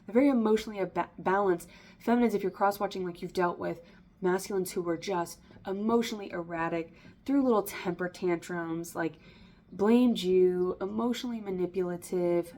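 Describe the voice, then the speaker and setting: Giving an informal tarot reading, a woman with a mid-range, somewhat dark voice rambles along. Fillers like "um" and "like" crop up constantly, and she stumbles and breaks off to restart her thoughts.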